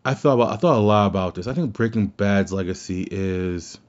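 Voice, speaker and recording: A man's voice: lowish voice, fairly quick, lo-fi sound. A man hosting his own show, talking through his thoughts in a rambling way and often restarting his sentences. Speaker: podcast host. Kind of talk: casual solo commentary.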